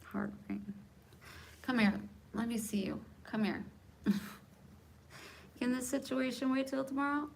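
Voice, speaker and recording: A woman's voice: sits high, a little slow, creaky, long pauses, slight background noise. A woman in her forties hosting a casual livestream, joking and self-mocking as she chats with viewers and laughs often. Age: 40s. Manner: candid, self-mocking and jokey, chatting to commenters by name; laughs often between lines. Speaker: livestream host. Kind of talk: casual live chat with viewers.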